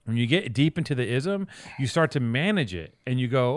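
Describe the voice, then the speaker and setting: A man's voice: mid-range voice, expressive, brisk, hardly any pauses, dry recording. A man co-hosting a comedy podcast, rambling through tangents with lots of swearing and restarts. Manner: rambling, profane, jumps between tangents. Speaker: podcast co-host. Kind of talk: loose comedic banter.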